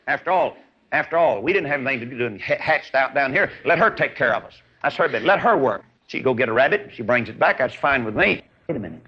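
Preacher spinning a folksy story, mid voice, dull old tape sound. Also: male voice, medium pitch, quick pace, slightly rough. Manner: folksy, animated storytelling with bursts of laughter. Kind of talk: sermon storytelling.

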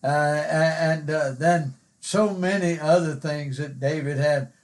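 An older man preaching a devotional Bible lesson, leaning hard on key words and pausing with frequent fillers. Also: on the high side. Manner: slow, drawn-out emphasis with many uh fillers.

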